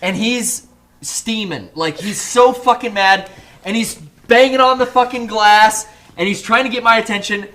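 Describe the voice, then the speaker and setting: A man's voice: high voice, normal speed, pushed and bright. A man in his thirties co-hosting a podcast, chiming in and swearing casually as he tells his side of a story. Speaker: podcast co-host.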